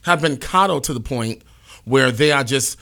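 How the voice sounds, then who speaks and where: A man's voice: medium pitch, lively intonation, normal speed, gravelly, bright, forceful tone. A man talking casually on a radio talk show, opinionated and rambling with frequent restarts.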